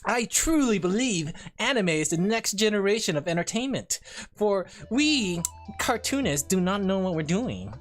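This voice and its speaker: A man putting on the voice of a pompous, self-important comic book nerd who speaks slowly and formally. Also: sits high, big pitch swings, faint music behind.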